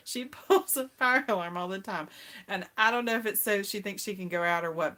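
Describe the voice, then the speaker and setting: A woman's voice: mid-range voice, lively intonation, normal speed. A middle-aged woman hosting a casual live-stream chat, talking with viewers and laughing often. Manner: chatty, laughs often, greets viewers brightly. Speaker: host.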